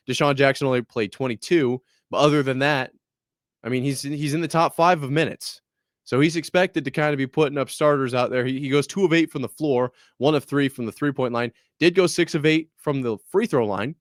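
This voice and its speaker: A man's voice: medium pitch, normal speed, no room sound, studio quality. A man hosting a sports podcast in a candid, exasperated, self-deprecating way. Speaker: podcast host. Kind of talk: casual sports podcast talk.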